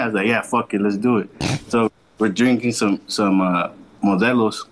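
On a low-quality recording, a young man with a fairly low, steady voice casually tells a long podcast story at a moderate pace. He swears often, uses slang, and quotes people by putting on their voices.

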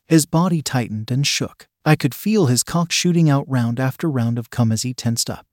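Man narrating a story, steady unhurried reading, middle pitch, dry close sound. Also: no echo. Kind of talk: reading an erotic story aloud.

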